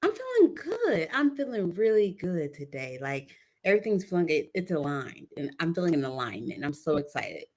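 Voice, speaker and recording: A woman's voice: on the low side, sing-song, moderate pace, hardly any pauses, darkish tone. A woman from Arkansas joining as a guest founder, chatting casually and enthusiastically on a webinar. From Little Rock, Arkansas.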